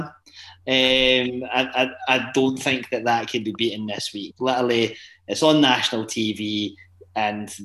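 Quick-talking man bantering. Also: lowish voice, fairly bright tone, roomy sound. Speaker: podcast co-host. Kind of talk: casual chat.

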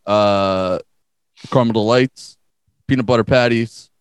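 A man's voice: lowish voice, unhurried, clean tone, no room sound. A young man co-hosting a podcast in casual chat, joking loosely and laughing often. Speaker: podcast co-host.

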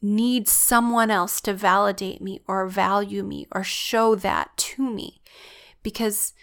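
Earnest woman with vocal fry. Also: mid-range voice, little pitch movement, takes it slowly, fairly bright tone. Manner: earnest, reflective storytelling. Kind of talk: personal faith testimony.

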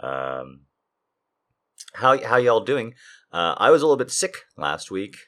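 Low-voiced, rambling man. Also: sing-song, unhurried, fairly bright tone. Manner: rambling, profane, self-amused storytelling. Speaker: podcast host and author. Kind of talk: casual chat. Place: home room with ceiling fan running.

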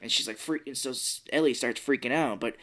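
A woman's voice: rumbling low, fairly quick. A woman co-hosting a podcast, retelling a film's scenes in a loose, rambling way with fillers and mild swearing. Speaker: podcast co-host. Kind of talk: casual movie recap chat.

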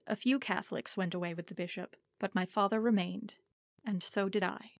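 A woman reads a historical story aloud in a measured, formal way. Her voice sits at an ordinary middle pitch and comes across dry and close, with no room sound around it. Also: no room sound. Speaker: audiobook narrator. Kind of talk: scripted narration of historical fiction.

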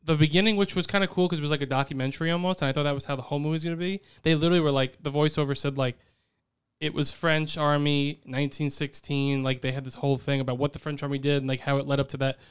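A man's voice: mid-range voice, smooth. A young man co-hosting a podcast, chatting casually about a movie and often restarting his thoughts. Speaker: podcast co-host.

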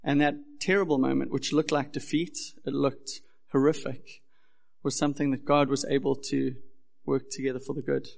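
A man's voice: medium pitch, little pitch movement, moderate pace, vocal fry. A young man preaching a sermon as pastor, earnest and building in intensity.

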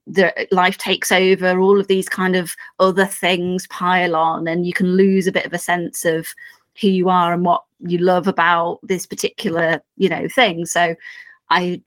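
A woman's voice: fairly low pitch, dry recording. A woman co-hosting a podcast, speaking earnestly and hesitantly with many fillers. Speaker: podcast co-host. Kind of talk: casual podcast chat.

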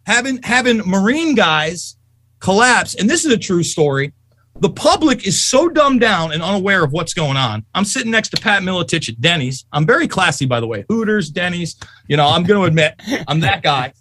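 A man telling stories in a heated, profane political rant, loudly and emphatically angry. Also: high voice, slight background noise. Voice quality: profane, fast and animated.

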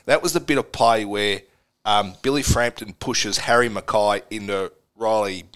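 A man's voice: fairly low pitch, normal speed, fairly bright tone, clear, resonant tone. An Australian man co-hosting a sports podcast, wandering off on long stories and laughing as he rants. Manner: digressive storyteller, laughs through his rants. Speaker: podcast co-host. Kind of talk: casual sports chat.

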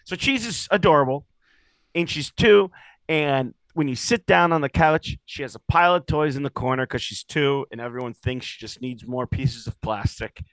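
A young man telling rambling, animated stories in casual podcast chat, swearing freely. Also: medium pitch, no room sound, low-quality recording. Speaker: podcast co-host.

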